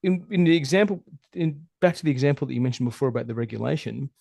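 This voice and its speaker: A man talking as a relationship coach in a podcast interview, animated and emphatic, swearing freely. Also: medium pitch, fast talker, vocal fry, no echo. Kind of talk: casual interview conversation.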